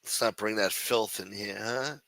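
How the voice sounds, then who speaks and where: A man hosts his own livestream, reading the news aloud and breaking off into rambling, profane rants. His voice is bright and forceful. The sound is dry and close, with no room echo. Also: fairly low pitch, steady tone, moderate pace. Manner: crude, sarcastic, reads headlines aloud then rants. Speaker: livestream host.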